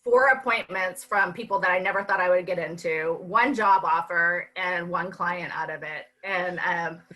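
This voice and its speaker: A woman's voice: lowish voice, normal speed, sharp tone, rough recording. A woman guest chatting casually on a live online show, self-deprecating and laughing easily.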